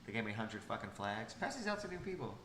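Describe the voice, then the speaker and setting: A man's voice: fairly low pitch, very animated, quick pace. A young man from Washington state hosting a podcast, talking in a casual, profane, teasing way. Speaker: podcast host. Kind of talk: casual chat. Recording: echoey room with faint noise.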